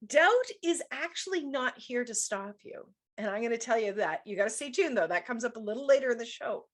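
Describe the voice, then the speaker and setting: A woman's voice: sits high, fairly bright tone. Emphatic woman business coach. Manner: emphatic, repeats key points, reads chat comments. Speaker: business coach hosting a show. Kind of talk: motivational talk show monologue.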